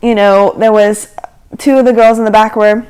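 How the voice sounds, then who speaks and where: A woman in her twenties hosting a podcast, telling a personal story in a chatty, animated way and leaning on "like" a lot. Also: medium pitch, moderate pace, clear, resonant tone, rough recording. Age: 20s. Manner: chatty, animated, heavy use of "like". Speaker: podcast host. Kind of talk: casual storytelling.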